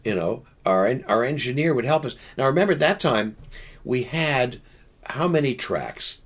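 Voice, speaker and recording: A man's voice: mid-range voice, lively intonation. Older man telling a rambling story. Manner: rambling, halting restarts, laughing asides. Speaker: guest. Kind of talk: casual storytelling.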